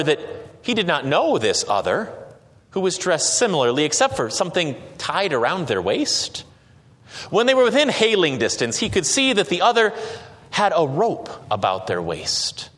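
A man narrating a story slowly and dramatically, with occasional hesitations. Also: high voice, a bit bright. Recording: long reverb.

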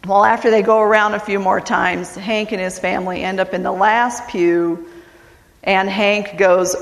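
A woman's voice: medium pitch, measured pace, creaky, long reverb tail, rough recording. A woman pastor from West Virginia preaching a sermon, folksy and self-deprecating, telling a story. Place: church sanctuary.

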